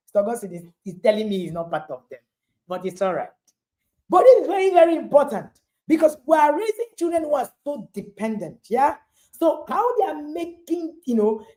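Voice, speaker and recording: A middle-aged woman with a Nigerian accent speaks to parents in an emphatic, motivational talk. Her pitch rises and falls with great liveliness, and her tone is mellow and warm rather than bright. She repeats key lines for stress and speaks straight to her listeners.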